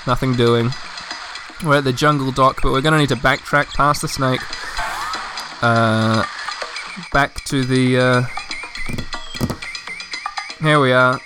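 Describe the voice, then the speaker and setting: A man's voice: mid-range voice, steady tone, takes it slowly, long pauses, music in the background. A tired man hosting a casual let's play of a children's game. He rambles and jokes about himself, with lots of fillers and restarts. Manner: rambling, self-deprecating, full of fillers and restarts.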